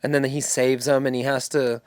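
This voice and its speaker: Smooth-voiced man in rambling casual chat. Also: mid-range voice, flat delivery, no room sound, clean studio sound. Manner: rambling, loose, swears casually, does quick impressions. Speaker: podcast co-host. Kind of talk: casual chat about a fantasy series.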